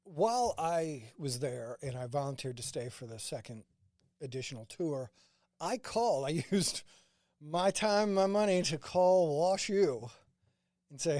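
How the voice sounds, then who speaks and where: A man's voice: a little high, unhurried, no room sound, studio quality. A man from St. Louis, a former combat medic, telling stories in a casual interview and quoting people along the way. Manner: animated anecdotes, quoting others in dialogue.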